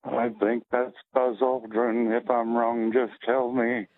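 A man calling in to a radio quiz, halting and unsure of his words. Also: mid-range voice, flat delivery, no echo, narrow, tinny audio. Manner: slow, halting, gravelly. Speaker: caller.

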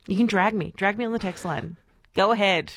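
A woman's voice: mid-range voice, brisk, dry recording, studio quality. A woman hosting a radio show, chatting casually and laughing often. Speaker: radio host. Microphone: studio mic.

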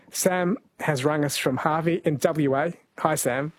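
This New Zealand radio host, speaking at a fairly high pitch and a measured pace, keeps his talkback show relaxed. He banters with callers and reads listener texts aloud.

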